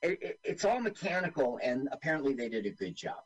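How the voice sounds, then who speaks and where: Animated joking man co-hosting. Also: mid-range voice, brisk, low-quality recording. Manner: animated, jokey, narrates on-screen action. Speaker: podcast co-host. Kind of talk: casual chat watching a film.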